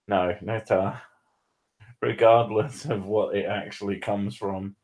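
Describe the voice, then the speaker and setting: A man with a lowish voice hosts a relaxed livestream chat. He jokes around, laughs a lot and swears freely as he reads out questions from viewers. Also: takes it slowly, long pauses. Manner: joking, laughs often, swears. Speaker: host.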